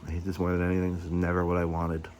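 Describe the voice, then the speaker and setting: A man's voice: sits low, monotone, a little mellow, slight background noise. Heated middle-aged man venting on a vlog. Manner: agitated, swearing, halting with many fillers. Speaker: YouTube host. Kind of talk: candid personal vlog rant.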